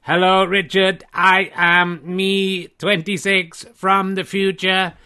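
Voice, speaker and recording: A man putting on a vengeful humanoid robot come back from the future, talking in a slow, flat, measured way. The voice sits fairly high and sounds bright and forceful, like a comic sketch on a podcast. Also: clean tone, full character voice. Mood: deadpan.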